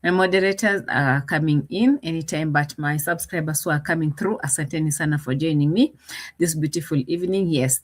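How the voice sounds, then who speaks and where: A woman's voice: low-pitched, fairly quick. A woman hosting a live reaction stream, chatting casually and laughing as she greets viewers by name. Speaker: reaction channel host.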